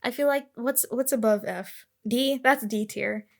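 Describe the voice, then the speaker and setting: A woman's voice: on the high side, measured pace, creaky. A young woman hosting a podcast in casual chat, rambling and correcting herself as she goes. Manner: chatty, rambling, self-correcting. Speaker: podcast host.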